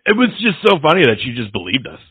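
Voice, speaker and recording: A man's voice: medium pitch, wildly swooping pitch, quick pace, slightly rough. A man hosting a casual chat, telling rambling anecdotes and laughing as he goes. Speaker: podcast host. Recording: dry tinny phone-like sound.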